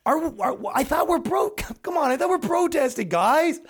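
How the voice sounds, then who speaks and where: A man voicing an indignant young male protester who shouts in a high, pleading whine. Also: lively intonation, moderate pace.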